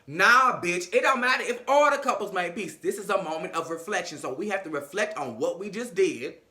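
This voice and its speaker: A man giving a sassy, animated recap of a reality show, acting out the quotes. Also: sits high, brisk. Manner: animated, sassy, acts out quotes with big swings. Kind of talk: casual recap commentary. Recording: echoey room.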